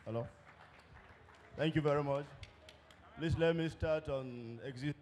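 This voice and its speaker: A man invited as a consultant, starting his talk at an industry event in a hall, speaking deliberately. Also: fairly high pitch, a little mellow, a little hiss or hum. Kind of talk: conference presentation.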